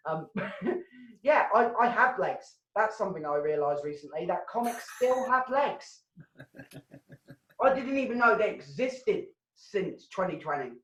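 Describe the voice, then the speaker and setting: A woman's voice: medium pitch, animated, normal speed, echoey room, dull audio. A woman hosting a comedy show from home over a video call, ranting and swearing and laughing at her own jokes. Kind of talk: casual rambling stand-up hosting.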